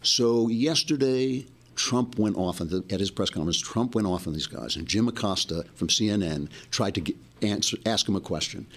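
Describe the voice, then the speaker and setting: Low-voiced man musing on the news. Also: normal speed. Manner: musing, talks while thinking aloud. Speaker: podcast host. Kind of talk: casual commentary and read ad.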